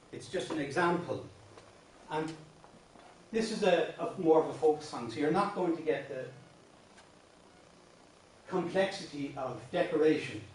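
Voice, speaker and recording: A fairly high-pitched Irish man teaches a classroom song workshop, explaining verse patterns patiently amid many restarts and sung lines. He's captured off-mic by a distant room mic in a very echoey room, with a little hiss or hum.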